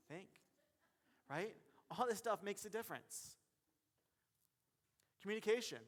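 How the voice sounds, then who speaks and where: A man giving a motivational keynote as a referee, speaking directly to the audience in a lively way. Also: high-pitched, moderate pace, pauses often. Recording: long hall reverb.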